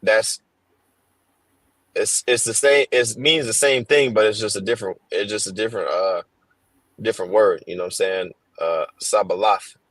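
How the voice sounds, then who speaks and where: A low-pitched man reads scripture in a laid-back study session. He stops often with fillers and restarts. The sound is dry and close. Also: steady tone, fairly bright tone, dry recording, low-quality recording. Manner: halting, reads slowly with fillers. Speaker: scripture reader in a Bible class. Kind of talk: casual reading and discussion. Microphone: headphones on a stream.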